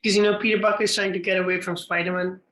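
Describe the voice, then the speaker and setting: Halting co-host in an echoey room. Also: mid-range voice, flat delivery, fairly bright tone. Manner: halting, many restarts, dry and brief. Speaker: podcast co-host. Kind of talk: casual film podcast chat.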